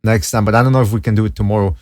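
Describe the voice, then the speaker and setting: A man's voice: fairly low pitch, steady tone, racing, darkish tone, dry recording. Chill guy hosting a podcast call-in, dry close sound. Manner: laid-back, thanks guests by name. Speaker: podcast host. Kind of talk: casual chat.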